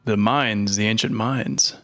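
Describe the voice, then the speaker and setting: A man voicing a stern, suspicious centaur chieftain in a tabletop game, speaking slowly and formally. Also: lowish voice, steady tone, a bit bright, faint music behind, pitched below the performer's own voice. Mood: wary, formal. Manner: slow, measured, formal.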